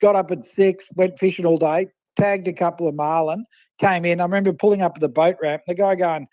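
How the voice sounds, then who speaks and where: High-voiced Australian man on the phone. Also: brisk, no echo. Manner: animated anecdotes, acting out quoted voices. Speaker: guest fishing writer and photographer. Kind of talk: casual storytelling over the phone. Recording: muffled phone line.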